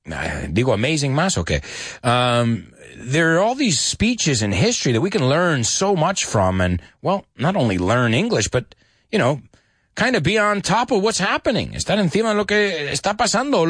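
A man hosting a casual radio show lesson, chatty and animated, explaining expressions and repeating key words. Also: on the high side, breathy edge, dry recording, studio quality. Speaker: radio host and English teacher.

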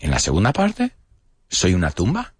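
A man hosting a bilingual lesson, fast-talking and teasing, mixing in Spanish. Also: low voice, slightly rough, dry recording, studio quality. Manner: lively, teasing, switches between English and Spanish; talks fast. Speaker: English teacher and radio show host. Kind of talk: bilingual English lesson, casual.

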